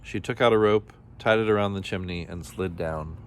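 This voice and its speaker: A man with a somewhat low voice reads a children's story aloud, gentle and expressive. A faint hiss runs under the recording. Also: moderate pace. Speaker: children's book reader.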